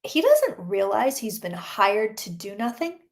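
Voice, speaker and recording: A woman's voice: mid-range voice, huge pitch swings, measured pace, vocal fry. A woman, a psychic reader, chatting through a live-streamed tarot reading and answering questions from the chat.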